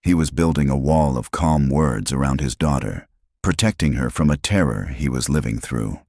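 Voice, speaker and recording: A man's voice: a bass voice, normal speed, a little mellow, slightly rough, no room sound, clean studio sound. A man narrating a scripted story with a dramatic, suspenseful delivery.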